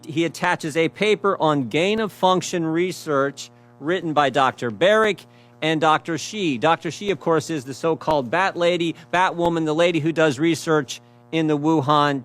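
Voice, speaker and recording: A man's voice: fairly high pitch, a bit bright. A man giving a prepared speech, reading out quotes and stressing points with repeated phrases and rhetorical questions.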